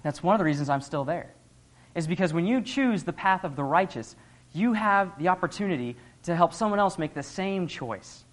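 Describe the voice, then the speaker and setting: A man's voice: high voice, lively intonation, normal speed. A young man giving an earnest, conversational sermon, laughing often as he talks. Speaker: lay preacher.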